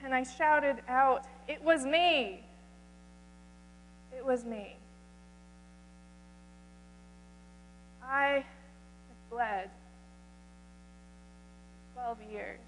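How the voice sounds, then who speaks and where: A woman speaking as a humble outcast woman who is desperate and then awed, in an earnest first-person retelling with halting restarts. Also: sits high, fairly bright tone, pitched above the performer's own voice, full character voice. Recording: reverberant hall, faint mains hum.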